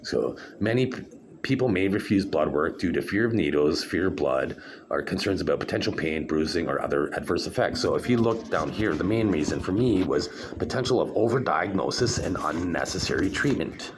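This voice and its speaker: Deep-voiced man ranting to camera. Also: animated, noisy background. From Canada. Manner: aggrieved, halting, many fillers and restarts. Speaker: vlogger. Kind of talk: rambling monologue to camera.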